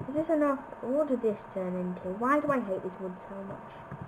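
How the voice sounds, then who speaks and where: A woman giving silly, goofy commentary over her own gameplay, chanting nonsense phrases and breaking into sudden shouts. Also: on the high side, expressive, fairly quick, noisy background. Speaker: gameplay video maker.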